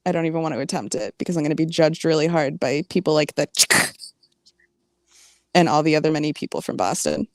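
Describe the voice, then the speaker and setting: A woman's voice: low voice, brisk, dry recording, clean studio sound. A woman co-hosting a casual livestream chat, giggly and playful, rambling as she talks. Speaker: livestream co-host.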